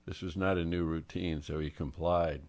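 A man narrating a mystery story in a measured storytelling manner. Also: sits low, steady tone, a little mellow. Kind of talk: story reading.

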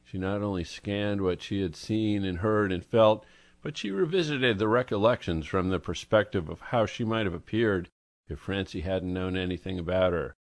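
A man narrating a story in a measured, even storytelling manner, as an audiobook reader. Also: low voice, no room sound. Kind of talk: scripted narration.

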